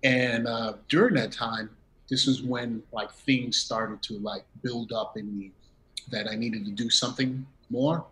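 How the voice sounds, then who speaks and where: A man's voice: mid-range voice, fairly even intonation, measured pace, pushed and bright, a little hiss or hum, poor audio. A middle-aged man, a guest in a conversation, telling a personal story and acting out the quoted dialogue with bursts of laughter. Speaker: interview guest.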